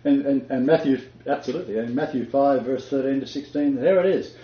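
A man's voice: medium pitch, brisk. An older man giving an emphatic, conversational faith talk, chuckling now and then and quoting scripture. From Australia. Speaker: Christian teacher. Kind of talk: conversational sermon-style talk. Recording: echoey room, dull lo-fi sound.

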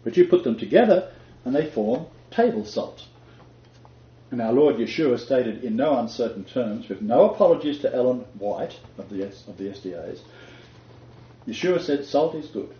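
In a dull, lo-fi recording from an echoey room, an older Christian teacher from Australia talks about faith in a conversational, sermon-like way. His mid-range voice is animated and moderately paced, and he's emphatic, quoting scripture with the odd chuckle.

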